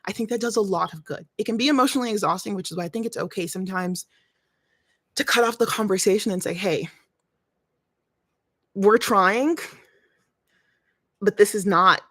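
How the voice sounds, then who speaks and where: A woman's voice: medium pitch, moderate pace, pauses often, fairly bright tone, dry recording. A woman hosting a casual livestream from her family home, chatty and a bit short of breath, thinking aloud and restarting her sentences. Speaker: livestream host.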